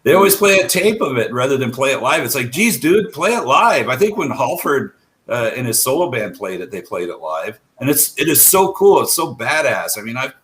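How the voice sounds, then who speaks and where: Guest: mid-voiced man, lively pitch, emphatic griper. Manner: animated, emphatic griping. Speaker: patron guest. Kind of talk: casual chat.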